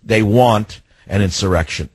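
Husky older man ranting on talk radio. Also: lowish voice, unhurried, dry recording, rough recording. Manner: emphatic, repetitive, combative. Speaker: radio talk show host. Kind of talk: political talk radio monologue.

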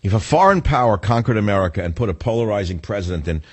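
A male talk radio host rants in a theatrical, indignant way, and his pitch climbs and drops constantly. His voice sits on the low side and sounds a bit husky. It is recorded dry and close on a studio mic. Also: expressive, quick pace. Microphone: studio microphone.

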